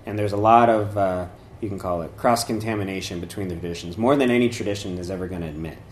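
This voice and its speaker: A man's voice: low-pitched, fast, slight background noise. A man giving a casual spiritual talk who rambles with lots of fillers and restarts, and acts out voices in his stories. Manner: acts out voices while telling a story. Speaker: dharma talk speaker.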